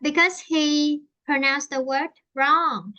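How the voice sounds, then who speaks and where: A woman with a Vietnamese accent leads an online English lesson, her voice pitched high. She explains slowly in simple words and often repeats herself so learners can follow. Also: steady tone, sharp tone, dull audio. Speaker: English teacher.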